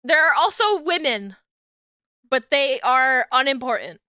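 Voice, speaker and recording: High, bright-voiced giggly streamer woman. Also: animated, measured pace, clear, resonant tone, no room sound, studio quality. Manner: giggly, profane, rambling. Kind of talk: casual stream chat.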